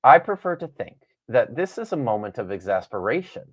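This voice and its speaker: A man's voice: medium pitch, sing-song, fairly quick. Wry, thoughtful male scholar. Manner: thoughtful, wry, with frequent restarts. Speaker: guest author and Bible scholar. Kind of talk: podcast conversation, reading from his own book.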